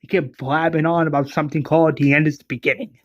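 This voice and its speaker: A man's voice: a little high, steady tone, fast talker, no room sound, dull audio, natural voice. A man voicing a wary woman homeowner questioning strangers, in a fan-fiction retelling. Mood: suspicious. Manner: suspicious.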